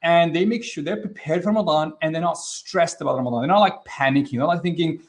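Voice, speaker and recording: A man's voice: on the high side, fast. Upbeat, casual man hosting a webinar. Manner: energetic, casual, acts out quoted reactions; sprinkles Arabic religious phrases. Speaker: webinar host and trainer. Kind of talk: interactive online teaching.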